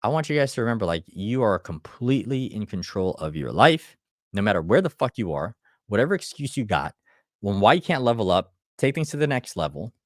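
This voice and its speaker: A man's voice: fairly low pitch, big pitch swings, brisk, no echo, studio quality. A man giving a live motivational talk as a life coach, blunt and swearing often, with frequent restarts. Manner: blunt, heavy swearing, repeats himself.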